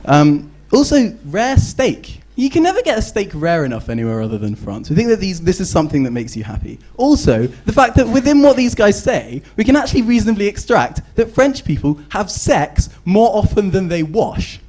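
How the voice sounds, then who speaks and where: Lively, joking young British man. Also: high voice, normal speed, few pauses, slight background noise. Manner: joking, playful, tag questions. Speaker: debater. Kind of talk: competitive debate speech.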